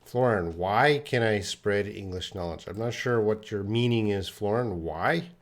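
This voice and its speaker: A man teaching English in a live online lesson, reading out chat questions, correcting them patiently and speaking slowly and clearly for learners, sounding tired. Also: fairly low pitch.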